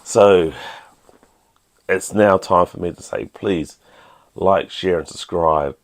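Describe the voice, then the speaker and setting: A man's voice: low voice, slow. A middle-aged man with a New Zealand accent, hosting a casual toy-collecting vlog in a chatty, self-deprecating way. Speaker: toy collector channel host.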